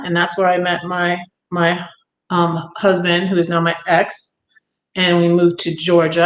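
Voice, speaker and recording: Chatty older woman in an echoey room. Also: fairly low pitch. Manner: chatty, greeting viewers, laughs often. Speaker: livestream vlogger. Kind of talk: casual livestream chat.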